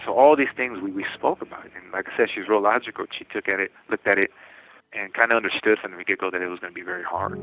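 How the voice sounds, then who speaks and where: Speaking low over a tinny prison telephone, this American man is an incarcerated interviewee recounting his personal story. He talks in rapid spurts, often starting over, and laughs now and then.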